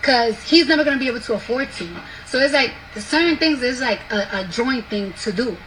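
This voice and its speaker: A woman's voice: sits high, brisk, fairly bright tone. A woman giving blunt opinions in casual talk, loose and full of fillers and slang, played back from a clip. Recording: clip with noisy ambience.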